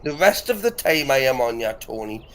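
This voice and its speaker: A man with a northern English accent, a guest on a livestream, loud, teasing and swearing. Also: medium pitch, sing-song, normal speed, slight background noise. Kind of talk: casual comedic banter.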